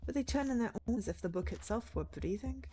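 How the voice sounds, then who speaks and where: A woman's voice: fairly high pitch, animated, fast, warm tone, a little hiss or hum, pitched above the performer's own voice, close to an everyday voice. Woman doing a put-on Scottish man: a wry, mannered writer figure, lots of melodic movement. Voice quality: mannered, theatrical reading. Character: male writer William, genteel and wry.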